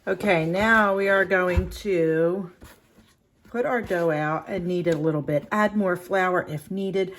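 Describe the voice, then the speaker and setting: During a home baking demonstration, a middle-aged woman talks casually at a measured pace in a lowish voice, rambling and restarting with plenty of fillers. Her voice wavers slightly from kneading, and there's a bit of background noise.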